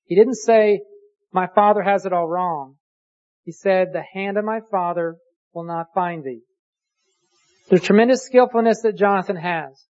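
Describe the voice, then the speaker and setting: A preacher giving a sermon, reading scripture aloud slowly and deliberately and posing rhetorical questions. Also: medium pitch, a little mellow, muffled recording.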